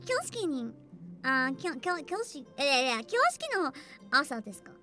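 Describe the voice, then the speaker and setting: A woman VTuber chatting casually with her livestream viewers in a high, youthful voice, bubbly and animated, with frequent swearing. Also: racing, faint music behind. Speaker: VTuber streamer.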